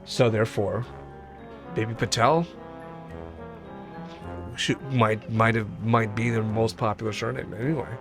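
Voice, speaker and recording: A man's voice: lowish voice, steady tone, measured pace, creaky, pauses often, over music. A man streaming a video game, chatting casually and rambling with many restarts. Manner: rambling, self-correcting, jokey. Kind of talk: casual gaming chat.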